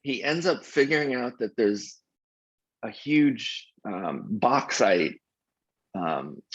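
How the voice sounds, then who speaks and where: A man as a podcast guest, telling an animated anecdote in casual conversation, often restarting his sentences. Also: medium pitch, slow, dry recording. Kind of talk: casual interview storytelling. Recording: dull lo-fi dry sound.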